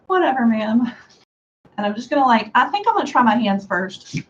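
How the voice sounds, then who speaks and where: A woman chatting casually through a hair styling tutorial at home, sarcastic and quick to laugh. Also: a little high, sing-song, muffled recording. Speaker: beauty vlogger. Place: home room with a fan.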